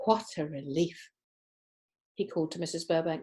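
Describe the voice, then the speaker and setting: A woman narrating a children's book, expressive and stretching words for effect. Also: deep voice, normal speed, long pauses. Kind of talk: children's audiobook reading.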